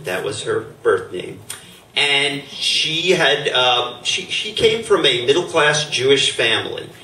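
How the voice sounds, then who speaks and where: A man spins a personal story on stage in a bright, lively voice that rambles through fillers and little chuckles. The sound is roomy and distant, with a faint ambient hum underneath. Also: mid-range voice. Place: stage before an audience.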